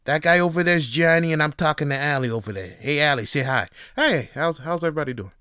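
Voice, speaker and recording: Brash Italian-American deli guy, gruff and swaggering, as a man puts him on. Smooth tone, dry sound. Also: a little high, lively intonation, fast talker, pushed and bright, no echo.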